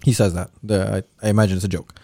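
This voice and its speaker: A man's voice: lowish voice, flat delivery, quick pace, vocal fry, warm tone. Rambling, profane man. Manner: rambling, profane, repeats words and restarts. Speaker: podcast co-host. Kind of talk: casual chat.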